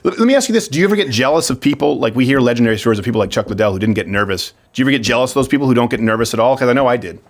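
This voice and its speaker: A man's voice: mid-range voice, expressive. A man hosting an interview, asking questions and cracking jokes. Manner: joking, quick interjections. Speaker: show host. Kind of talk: casual interview chat.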